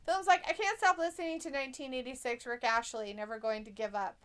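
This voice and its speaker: A woman's voice: high-pitched, fast talker, a bit bright. A woman around forty co-hosting a casual live stream, giggling, swearing often and reading viewers' chat messages aloud.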